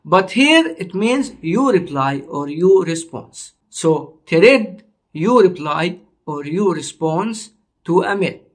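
High-voiced man teaching a language slowly. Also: lively intonation. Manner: slow, repetitive explaining, drawing out words. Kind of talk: online language lesson.

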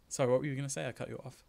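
A man's voice: medium pitch, vocal fry, a little mellow. A man casually commentating a game stream, joking and reading the on-screen text aloud. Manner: joking, reads place names aloud. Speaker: let's play streamer.

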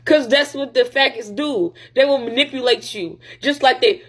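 A woman's voice: high voice, normal speed, few pauses, a bit bright. A young woman on a livestream, venting in a heated, profane rant and sounding upset, close to tears.

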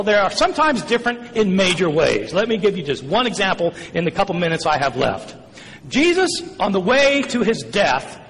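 A man presents his side of a formal debate, pressing his point with one rhetorical question after another. His voice sits very high and moves with lively swings of pitch. A long hall reverb trails behind every phrase. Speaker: debate participant.

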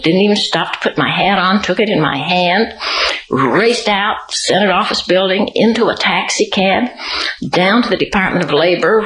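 Unhurried woman reminiscing, in an echoey room. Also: on the low side, a bit bright. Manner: unhurried reminiscing storyteller, occasional light laughs. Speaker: interviewee. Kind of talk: oral history interview.

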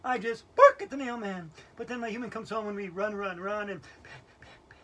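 A man's voice: sits high, lively intonation, fairly quick, pushed and bright, full character voice. A man playing a giddy winged yoga teacher lady. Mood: playful. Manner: giggly, keeps breaking into laughter and swearing. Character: giddy quirky female yoga teacher wearing wings. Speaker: yoga instructor. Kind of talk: comedic character yoga lesson.

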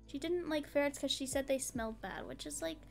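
With faint music behind her, a tired woman streamer speaks in a high, gravelly voice. Her casual chat is sleepy and drawn out, full of trailing thoughts and quiet laughter.

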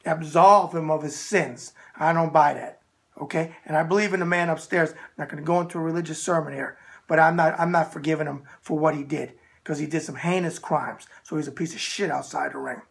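A man hosting his show, reading viewer letters aloud and answering in a blunt, animated, casual way, repeating catchphrases. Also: a little high, brisk, vocal fry. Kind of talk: casual emphatic talk.

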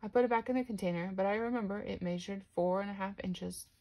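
A woman voicing a cheerful, literal-minded housekeeper in a storybook reading, earnest and eager to please, slightly higher than her own voice. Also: quick pace, dark tone, lightly acted.

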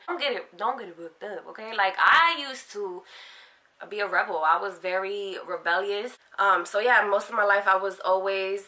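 Young woman vlogger from Philadelphia, crisp bright tone, heartfelt and emotional, loose rambling delivery with lots of fillers. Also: mid-range voice. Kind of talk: candid personal story to camera.

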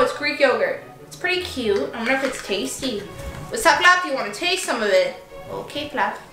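A woman vlogger unboxing toys in a casual, gushing and excitable way, chatting to her stuffed animals as she goes. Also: sits high. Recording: echoey room with faint music.

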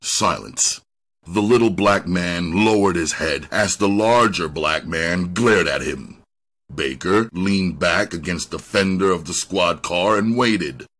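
A man's voice: low-pitched, slow, a bit bright. A man reading a crime novel aloud as an audiobook narrator, telling the story expressively. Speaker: audiobook reader.

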